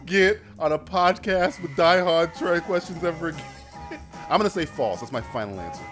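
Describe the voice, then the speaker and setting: A man's voice: on the high side, moderate pace, faint music behind. A man hosting a podcast, chatting casually with lots of swearing and laughter. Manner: profane, laughing, animated. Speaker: podcast host. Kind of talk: casual chat.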